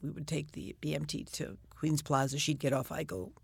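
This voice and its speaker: A woman's voice: sits low, a little fast, vocal fry, husky, no room sound. Older woman telling a chatty story. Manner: chatty, animated storyteller who acts out quotes. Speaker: guest. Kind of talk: anecdotal storytelling.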